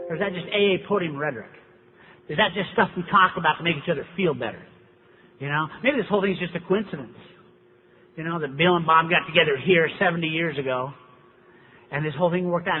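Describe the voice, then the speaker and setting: A man's voice: on the high side, fast. Wry man telling a story in an echoey hall. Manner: conversational, rhetorical questions, wry. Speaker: recovery meeting speaker. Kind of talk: storytelling talk at a recovery meeting. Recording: tinny, echoey hall recording with faint hiss.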